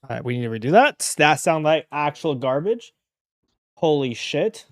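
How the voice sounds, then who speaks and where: A man's voice: a little high, very animated, normal speed, no room sound, studio quality. A man talking to himself as he edits and records sound for a short film, muttering and self-critical, with the odd swear. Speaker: amateur filmmaker. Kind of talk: talking to himself while editing.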